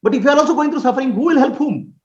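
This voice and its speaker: This man's voice is very high and a little mellow, expressive and rapid-fire. Speaking as a spiritual teacher in a question-and-answer session, he uses homely examples, makes sure his audience understands, and chuckles frequently, all captured in a roomy, dull, lo-fi recording.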